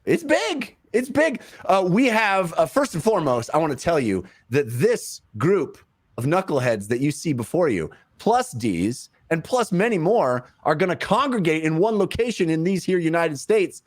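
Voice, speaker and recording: Man, co-host, hype-man banter, very swingy voice, a bit high. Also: moderate pace. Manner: animated, bantering, hypes up segments. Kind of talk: casual chat.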